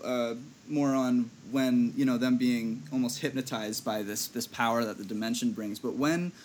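A man's voice: medium pitch, steady tone, a little mellow, slight background noise, poor audio. A man co-hosting a casual film chat, eagerly agreeing and adding his own points. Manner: enthusiastic, quick agreeing interjections. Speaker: podcast co-host.

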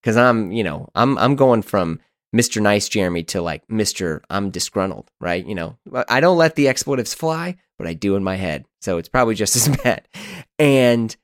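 Low-voiced man telling a rambling story. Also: moderate pace, no echo, clean studio sound. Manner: animated, self-deprecating, rambling. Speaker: podcast host. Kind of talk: casual storytelling monologue.

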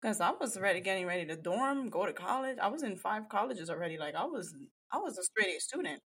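A woman with a husky, slightly breathy voice tells a personal story on a podcast. She is animated and acts out the voices of other people as she goes. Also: medium pitch, fast talker. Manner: animated, acts out quotes in Spanish. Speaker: guest.

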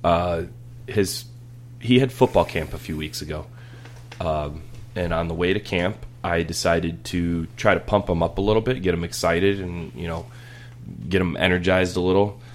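Very deep-voiced dad telling stories. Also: male voice, steady tone, normal speed, slight background noise. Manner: rambling, laughing, with many restarts. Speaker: podcast host. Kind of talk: casual storytelling chat.

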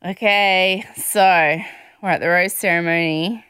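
Woman podcast host, bright and very lively delivery, dry close mic. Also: lowish voice, clear, resonant tone, dry recording. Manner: chatty, animated, quick asides. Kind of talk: casual chat recapping a reality show.

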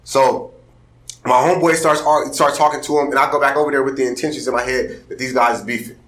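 A man from Seattle, a podcast guest, telling a story in casual talk and often checking that his listeners follow. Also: mid-range voice. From Seattle, USA. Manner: animated, fast, keeps checking in with listeners. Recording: roomy echo.

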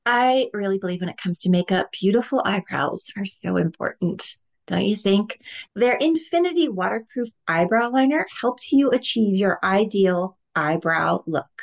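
A woman's voice: medium pitch, lively intonation, moderate pace, gravelly. A woman reading a host ad in an upbeat, enthusiastic way. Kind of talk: host-read ad.

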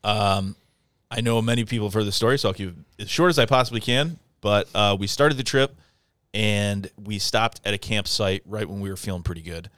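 A man from telling a casual, profane story on a podcast, acting out his friend's angry yelling. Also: on the low side, fairly even intonation, a little fast, no echo.

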